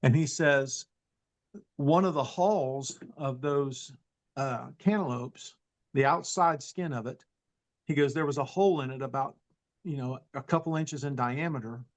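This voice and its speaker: A man telling a personal story in a casual, halting way, full of restarts and "he goes", plainspoken and folksy. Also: mid-range voice. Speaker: storyteller recounting an encounter.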